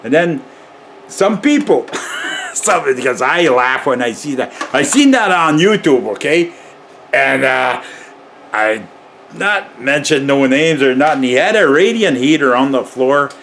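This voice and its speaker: A man's voice: mid-range voice, big pitch swings, a little slow, a bit bright, slight background noise. A man who works as an electrician, rambling and chuckling often as he explains heater safety in a casual how-to vlog. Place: garage.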